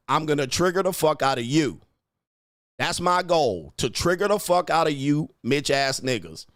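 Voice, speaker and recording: A man's voice: fairly high pitch, normal speed, no echo, clean studio sound. Brash, profane livestream host taunting his chat.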